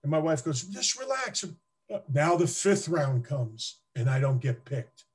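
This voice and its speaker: A man's voice: medium pitch, measured pace, breathy edge. A man, a former football player telling emotional stories as an interview guest. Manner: animated, emotional storyteller acting out scenes. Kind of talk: casual interview storytelling.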